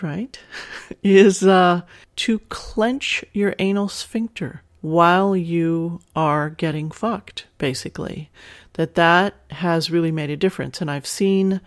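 A woman hosting an advice podcast, talking frankly and casually, reading listener emails and laughing often. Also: low-pitched. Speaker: sex advice podcast host.

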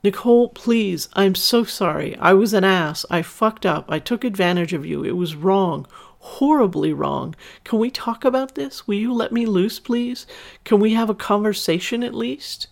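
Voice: mid-range voice, moderate pace, creaky, close to an everyday voice. A reader doing a desperate, pleading man. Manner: pleading, apologetic.

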